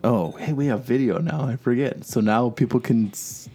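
A man's voice: medium pitch, normal speed, dark tone. A man co-hosting a podcast in casual chat, rambling with frequent restarts and easy laughs. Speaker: podcast co-host.

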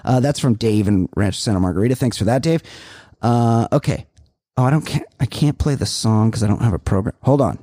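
A man's voice: medium pitch, a little fast, warm tone, no echo, clean studio sound. A man co-hosting a comedy podcast, swearing a lot and rambling through stories. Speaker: podcast co-host. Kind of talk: casual comedy podcast banter.

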